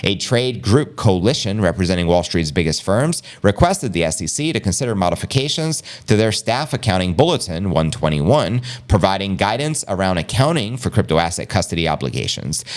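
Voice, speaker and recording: A man's voice: medium pitch, sing-song, a little fast, few pauses. A man hosting a casual crypto livestream, joking in slang and answering his chat.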